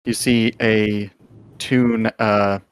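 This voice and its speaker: Guy running a tabletop game, slow relaxed narration, lots of pauses. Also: on the low side, smooth. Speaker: game master.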